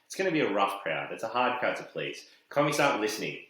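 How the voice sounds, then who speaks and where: A young man, a comedian, telling stories in a jokey, animated way. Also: lowish voice, fast talker. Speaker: guest comedian. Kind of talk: casual chat, storytelling. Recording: very echoey room.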